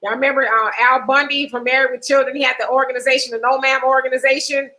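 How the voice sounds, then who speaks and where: A middle-aged woman hosts a casual livestream, reading out viewer comments and tossing in quick asides and frequent laughter. Her voice sits a little high and rings bright and forward. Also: level tone, rough recording. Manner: laughs often, reads comments aloud with asides. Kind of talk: casual chat.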